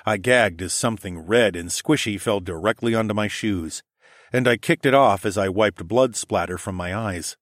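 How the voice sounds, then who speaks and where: Low-voiced man reading an audiobook. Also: no room sound, clean studio sound. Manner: steady storytelling read, voicing dialogue with more energy. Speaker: audiobook narrator. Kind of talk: scripted first-person narration.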